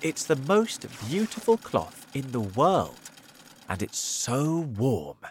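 A man voicing a sly, clever tailor who coaxes and flatters a king in a told story. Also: mid-range voice, takes it slowly, slight background noise, pitched above the performer's own voice. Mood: coaxing. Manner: coaxing and flattering.

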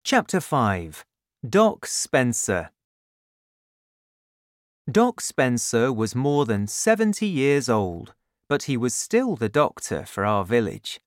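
A man reading a simple storybook aloud for learners, first going through new words, in a careful, deliberate way. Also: medium pitch, huge pitch swings, no echo, clean studio sound. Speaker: narrator of a graded reader. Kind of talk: slow, clear storybook narration with vocabulary list.

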